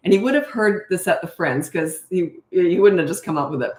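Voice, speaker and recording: A middle-aged woman with a lowish voice talks casually on a live stream as a parenting coach. She is chatty and blunt, laughs easily, and sounds like she is in an echoey room. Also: expressive, fairly quick, a little mellow. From Canada. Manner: chatty, laughs often, blunt no-nonsense advice.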